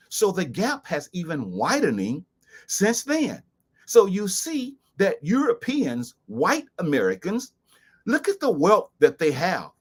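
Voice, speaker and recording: A man hosting a commentary show, speaking in a preacherly, emphatic way to his viewers and slowly repeating key lines. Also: fairly high pitch. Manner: preacherly, addressing viewers as "beautiful people" and "brothers and sisters". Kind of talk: talk-show monologue with charts.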